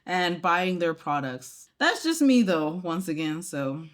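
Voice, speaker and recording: A woman's voice: on the low side, sing-song, unhurried. A woman hosting a reaction video, giving playful, jokey commentary and chatty asides to her viewers. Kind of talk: casual commentary on clips.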